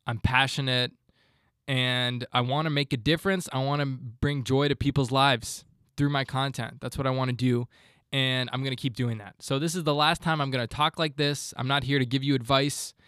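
A man in his twenties hosts a solo podcast, ranting in a fired-up, motivational way. His medium-pitched voice moves at a moderate pace with fairly even intonation, sounding clear, resonant and fairly bright. The studio sound is clean, with no room echo.

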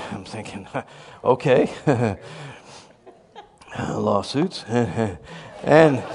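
A man preaching a sermon, telling a story and bursting into shouts of praise. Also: mid-range voice, expressive, takes it slowly, vocal fry, long pauses.

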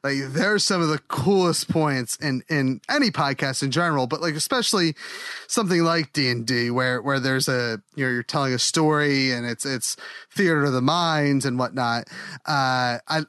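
A man hosting a podcast, telling rambling, animated stories in casual chat. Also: mid-range voice, normal speed, clear, resonant tone, no room sound, studio quality. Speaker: podcast host.

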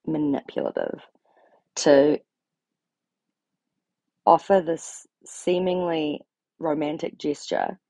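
A woman's voice: sits low, darkish tone, dry recording. A young adult woman talking straight to camera in a blunt, sweary, exasperated rant. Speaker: vlogger. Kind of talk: ranting casual monologue.

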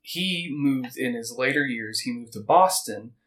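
A podcast host with a mid-range, slightly bright voice and lively intonation reads passages and drifts into chatter and jokes. He rambles, mimics voices briefly for quotes, and the audio is poor.

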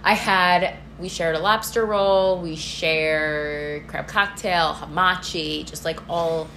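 Low-voiced, chatty woman co-host. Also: slow pace, slight background noise. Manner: chatty and excitable, heavy use of "like". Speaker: podcast co-host. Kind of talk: casual chat.

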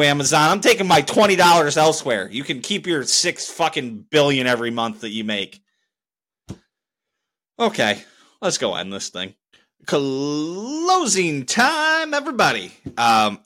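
A man's voice: medium pitch, bright, forceful tone. A young man hosting his own solo podcast, talking casually in a rambling, profane, heated way. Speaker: podcast host.

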